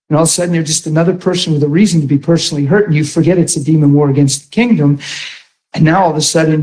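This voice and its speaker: A man preaching a sermon with passion, often shouting and repeating himself. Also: fairly high pitch.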